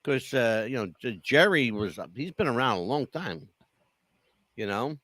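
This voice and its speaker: A man co-hosting a podcast chats casually about wrestling at a moderate pace, with no echo on the audio. He rambles as an emphatic storyteller whose pitch stays lively.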